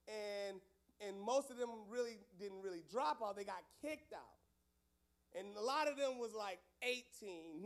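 Addressing a group of young people, a male youth pastor with a very high voice tells a story casually and energetically, punctuated by loud outbursts.

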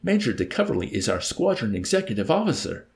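A man's voice: medium pitch, very animated, fast talker, voice pushed up. A man voicing an earnest, indignant nineteen-year-old idealist in an audiobook. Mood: reproachful. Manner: earnest, shocked, pleading. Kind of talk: audiobook character voice.

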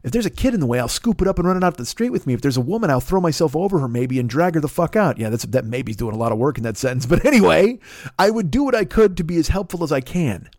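A man's voice: a little high, very animated, quick pace, darkish tone, no echo, clean studio sound. A man hosting a comedy podcast, ranting with sarcasm and heavy swearing and acting out other people in put-on voices. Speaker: podcast host. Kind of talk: profane comedic rant.

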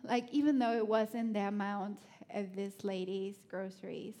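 A woman giving a sermon, telling personal stories in an animated way with laughter and soft, prayerful asides. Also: mid-range voice, normal speed. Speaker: speaker at a church.

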